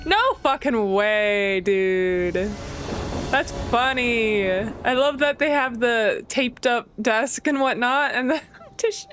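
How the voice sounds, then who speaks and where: A woman streaming a card game, chatting casually, excitable and swearing freely as she thinks aloud. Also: fairly high pitch, takes it slowly, noisy background. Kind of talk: casual gameplay chat.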